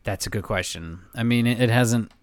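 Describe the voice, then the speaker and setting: A man's voice: lowish voice, normal speed, no echo. A man co-hosting a casual sports chat, telling his side in a laid-back, chatty way. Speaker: podcast co-host.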